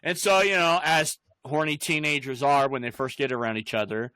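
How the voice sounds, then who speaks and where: A man's voice: a little high, fairly even intonation, fairly quick, smooth, no echo. A young man hosting a casual chat, telling wild stories with lots of swearing and laughing, acting out the people in them. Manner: profane, laughing, acts out cops in loud voices. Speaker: podcast host.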